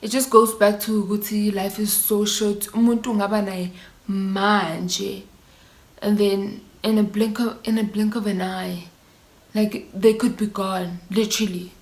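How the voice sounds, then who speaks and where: A woman's voice: mid-range voice, little pitch movement, measured pace. A young South African woman in her twenties telling a story to camera, casually and animatedly, mixing in Zulu slang. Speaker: vlogger. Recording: echoey room.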